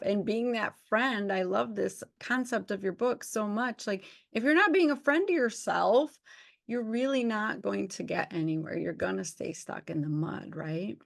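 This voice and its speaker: Gravelly-voiced woman doctor hosting an interview. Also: mid-range voice, unhurried. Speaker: host, doctor. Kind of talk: casual interview chat.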